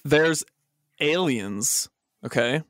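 A man's voice: fairly high pitch, animated, very slow, a bit bright, no room sound, studio quality. A man moderating a comedy podcast debate, playful and giggly, drawing out his teasing remarks. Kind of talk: casual comedy podcast chat.

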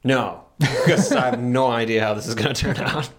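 A man hosting a podcast in casual chat, animated and laughing often, his voice jumping up when excited. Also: mid-range voice, fairly quick. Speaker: podcast host.

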